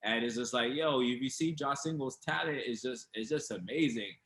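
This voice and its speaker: A man's voice: mid-range voice, normal speed, a bit bright, rough recording. A man hosting a podcast, rambling in casual chat full of slang and fillers. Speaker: podcast host and DJ.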